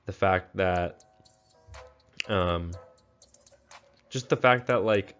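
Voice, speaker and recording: A young man giving relaxed gameplay commentary, tired and full of fillers. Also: low voice, very slow, clean tone, faint music behind. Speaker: game commentator.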